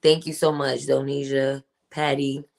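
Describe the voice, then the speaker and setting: A woman's voice: rumbling low, level tone, measured pace, vocal fry. A woman hosting a casual livestream podcast, chatty and emphatic, reading out and answering her live chat. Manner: chatty and emphatic, greets viewers by name.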